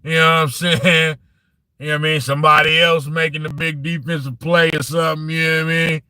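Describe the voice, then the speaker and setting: A man hosting a casual live-streamed basketball talk show, reading the chat and arguing points in an animated, profane way, often saying "you know what I'm saying.". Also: on the high side, brisk, clear, resonant tone.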